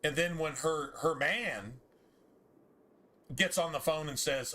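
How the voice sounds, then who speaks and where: A man with a drawl tells a story on a game stream in a fairly high, bright, forceful voice. He rants hotly and swears freely, often stumbling and restarting his sentences. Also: slow. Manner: heated, profane ranting with restarts. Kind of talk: casual storytelling while streaming.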